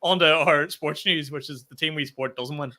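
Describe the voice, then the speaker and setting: A man's voice: a little high, fairly quick. A young man, a stand-up comedian co-hosting a podcast, telling stories in casual, swearing chat. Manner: animated storytelling, swears freely.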